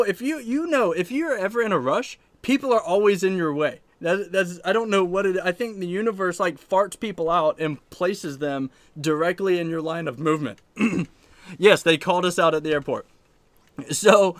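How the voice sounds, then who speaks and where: A man tells a travel story on a live stream from his own room. His voice sits a little high and sounds close and dry, with no room echo. He rambles and laughs, talking casually to his viewers. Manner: rambling, animated, laughs often. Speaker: arcade channel host.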